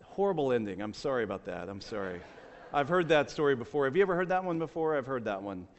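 A man preaching a lively sermon, with self-deprecating asides to his congregation. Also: mid-range voice, fast talker, a little hiss or hum. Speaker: pastor. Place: church sanctuary. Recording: long reverb of a large hall.

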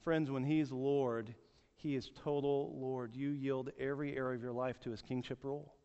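Earnest pastor preaching in an echoey hall. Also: male voice, mid-range voice, fairly even intonation, moderate pace, dark tone, smooth. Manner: storytelling, earnest, repeats words. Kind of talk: sermon. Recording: echoey hall, dull sound.

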